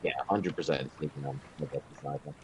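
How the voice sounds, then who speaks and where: A man playing a tabletop game, asking lots of questions with quick restarts. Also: very deep voice, a crowd in the background, low-quality recording. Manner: lively, asks questions with restarts. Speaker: player. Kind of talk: casual tabletop game play.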